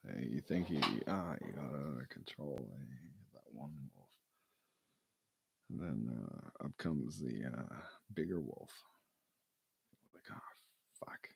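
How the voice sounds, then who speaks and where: A man's voice: rumbling low, very animated, unhurried, creaky, pauses often, mellow, husky, dry recording. A man in casual, meandering chat, joking and swearing with lots of fillers.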